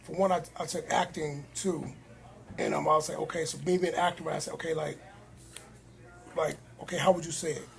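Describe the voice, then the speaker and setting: A man, a filmmaker guest, talking in a casual podcast conversation, animated and acting out quoted lines. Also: on the high side, brisk, vocal fry. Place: cigar lounge.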